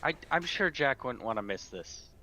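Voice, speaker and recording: A man's voice: medium pitch, expressive, normal speed, bright, forceful tone, a little hiss or hum. A man playing a tabletop game, eager and stumbling over his words, laughing often. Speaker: player. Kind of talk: casual chat in a tabletop game.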